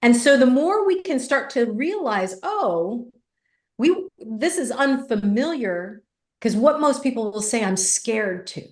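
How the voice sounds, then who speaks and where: A woman appears as a guest on an interview show, a business coach who tells stories with animation and acts out what people said. Her voice is fairly high and a little slow, and the conversation echoes in the room.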